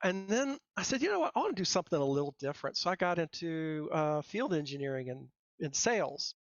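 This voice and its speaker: A middle-aged man, a software engineer guest, telling his career story in a casual, rambling, self-deprecating way with many fillers and restarts. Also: a little high, lively intonation, brisk, dry recording. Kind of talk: casual interview talk. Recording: dull dry lo-fi sound.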